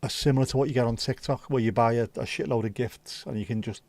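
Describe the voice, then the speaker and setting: Scouse male streamer, warm low-key tone, dry close sound, rambling casual chat. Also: fairly even intonation, quick pace, creaky, no echo. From Liverpool, England. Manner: chatty, rambling, swears freely. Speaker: livestream host.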